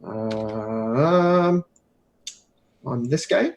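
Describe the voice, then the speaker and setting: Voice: medium pitch, expressive, very slow, a little mellow, highs cut off, slight background noise. Brash, swearing tabletop player. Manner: brash, swearing, laughing often. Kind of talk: tabletop game chat.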